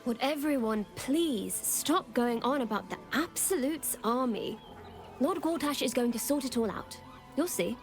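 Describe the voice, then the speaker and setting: A prim, haughty townswoman complains fussily in a video game. Her voice is fairly high and lively, with clear music playing behind her. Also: unhurried. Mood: fussy. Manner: fussy, complaining.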